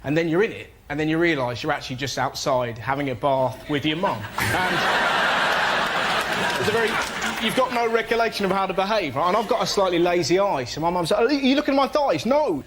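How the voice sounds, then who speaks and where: Cheeky, animated male comedian. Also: on the high side, a little fast. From Britain. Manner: animated, cheeky, laughs at his own jokes. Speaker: comedian panelist. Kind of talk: stand-up storytelling on a panel show. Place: TV studio with a live audience. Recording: loud studio audience laughter and noise.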